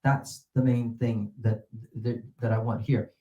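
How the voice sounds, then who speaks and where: An older American man teaching English pronunciation, drawing out example words and swinging between loud and soft. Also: medium pitch, little pitch movement, measured pace, lo-fi sound.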